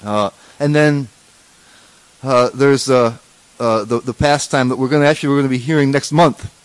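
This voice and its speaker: A man teaches a scripture class in a relaxed, conversational way. He often restarts his sentences and tosses rhetorical check-ins to his listeners. His voice sits at a middle pitch in a dry, close-sounding recording. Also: moderate pace, smooth, no echo, rough recording.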